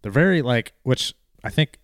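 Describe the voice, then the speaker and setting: A man's voice: mid-range voice, expressive, moderate pace, dry recording, clean studio sound. A man co-hosting a casual sports podcast, laid-back and teasing, often answering in short remarks. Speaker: podcast co-host.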